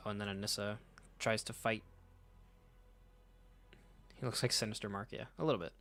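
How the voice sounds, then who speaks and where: A man's voice: lowish voice, steady tone, normal speed, pauses often, fairly bright tone. A man casually reading through comic issues and chatting about them, joking, swearing freely and correcting himself mid-sentence. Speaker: comic book reader and commentator.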